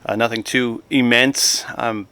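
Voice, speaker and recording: A man's voice: medium pitch, little pitch movement, measured pace, sharp tone, smooth, no room sound. A man hosting a casual tabletop wargame walkthrough, rambling with many ums and uhs, his voice throaty from the morning. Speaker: wargaming channel host. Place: home basement game room.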